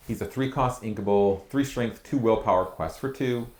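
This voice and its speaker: A man hosting a podcast, breaking down card game strategy in a quick, analytical way with lots of fillers. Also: lowish voice, a little mellow, roomy sound. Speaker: podcast host.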